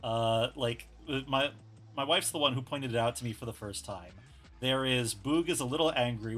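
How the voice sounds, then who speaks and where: A laid-back, sweary New York man chats casually while drawing on his stream, talking into a desktop USB mic. His mid-range voice moves at a normal speed with a fairly bright tone, and faint music plays behind him.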